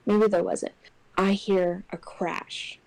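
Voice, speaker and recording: A young woman casually telling a personal ghost story on a podcast, getting animated when she acts out what people said. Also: mid-range voice, takes it slowly, vocal fry, poor audio. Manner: animated, acts out quotes in raised voice. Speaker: podcast co-host.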